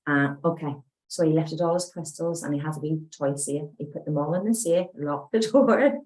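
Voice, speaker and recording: Low-voiced woman telling a family story. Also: normal speed, low-quality recording. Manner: chatty, anecdotal, acts out dialogue with gentle warmth. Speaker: spiritual medium and coach. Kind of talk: storytelling talk to an audience.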